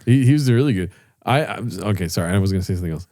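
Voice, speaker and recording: A man's voice: low-pitched, animated, very fast, mellow. Casual man telling golf stories. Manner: loose, profane, acts out voices in his stories. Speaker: podcast co-host. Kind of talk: casual storytelling chat.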